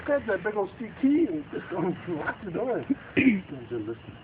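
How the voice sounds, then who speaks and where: A man spins a spooky campfire tale for his family, his voice climbing and dropping as he acts out frightened cries. His voice is pitched a little high. It comes through a tinny, phone-like home video with loud noise from the night outdoors. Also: a little fast. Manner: lively, acts out the characters' panicked lines. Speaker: storyteller among family. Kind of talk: animated spooky campfire storytelling. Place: outdoors at night around a bonfire.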